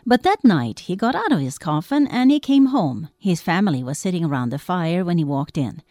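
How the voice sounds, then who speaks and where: A woman telling a spooky folktale aloud in an expressive storytelling voice. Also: on the low side, moderate pace, dry recording, clean studio sound. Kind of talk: told folktale.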